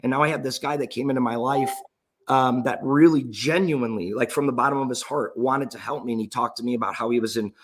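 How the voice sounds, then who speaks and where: A man's voice: mid-range voice, fast. A man in his thirties, an entrepreneur, telling his personal story in an earnest, emotional way, often restarting his sentences. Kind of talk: motivational personal story talk.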